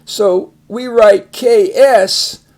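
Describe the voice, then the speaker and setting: A man's voice: sits high, extremely slow, a little mellow. An older man teaching a phonics lesson, carefully sounding out words and giving example sentences. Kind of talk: reading lesson narration.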